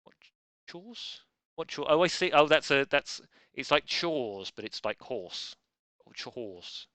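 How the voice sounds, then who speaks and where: A man hosting a relaxed quiz with a bright, forceful voice that stays smooth and crisp. He chats playfully and keeps interrupting himself with joking asides. The sound is dry and close, with little room around it. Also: a little high, unhurried, dry recording. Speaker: quiz host. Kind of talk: casual live quiz hosting.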